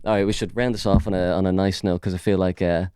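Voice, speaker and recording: A man's voice: low-pitched, flat delivery, quick pace, mellow, clear, resonant tone, dry recording, studio quality. A man with an Irish accent hosting a casual podcast chat, sweary and mocking as he rambles. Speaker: podcast host.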